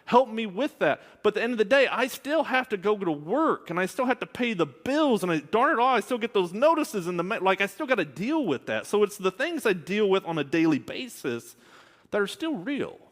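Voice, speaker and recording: A man's voice: high voice, sing-song, fairly quick. A man preaching a sermon as a minister, speaking candidly and conversationally with asides. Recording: long hall reverb.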